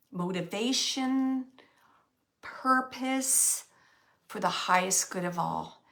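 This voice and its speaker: A woman giving a spiritual reading as a medium, gently relaying messages and pausing often to search for words. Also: medium pitch, vocal fry. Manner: halting, searching for words, many pauses and fillers. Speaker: psychic medium.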